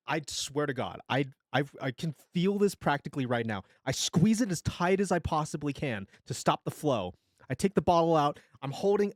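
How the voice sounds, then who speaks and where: A young man streaming, telling a comic story in an animated, dramatic way, swearing a lot. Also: a little high, no echo, clean studio sound.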